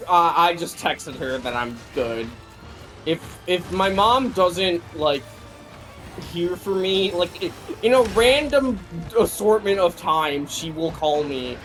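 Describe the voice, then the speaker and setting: A man in his thirties with a slightly high voice talks through a co-op game session, rambling and swearing casually. His sentences often trail off and restart. Faint game music plays underneath. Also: animated, slow pace, fairly bright tone, low-quality recording. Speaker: streamer playing co-op. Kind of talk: casual gameplay chat.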